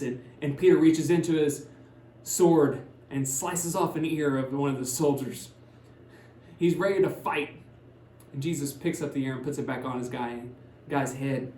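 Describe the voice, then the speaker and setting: Man, pastor, conversational sermon storytelling, shifts between loud and hushed, echoey church, faint hum. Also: medium pitch. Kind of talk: sermon retelling a Bible story. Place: church sanctuary.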